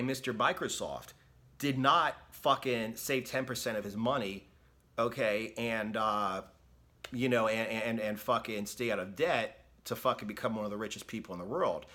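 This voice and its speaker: A man's voice: mid-range voice, sharp tone. Blunt, profane fitness coach man. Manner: blunt and profane, repeats "okay?"; mocks others' excuses in quoted asides. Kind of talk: direct-to-camera motivational rant.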